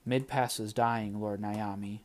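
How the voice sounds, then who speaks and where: A man's voice: lowish voice, fairly even intonation, measured pace, natural voice. A man reading an audiobook, voicing a determined, loyal young girl pilot who speaks earnestly. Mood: pleading. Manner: earnest, pleading.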